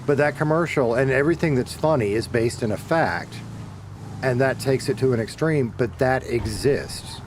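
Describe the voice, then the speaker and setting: A middle-aged man from the Deep South with a Southern US drawl talks loosely to his stream audience as he plays. He rambles and restarts his sentences, and he lets out a curse now and then. His voice sits at an everyday middle pitch. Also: moderate pace, background noise. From Deep South of the United States. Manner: rambling and self-correcting, with bursts of cursing. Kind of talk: casual chat to viewers while gaming.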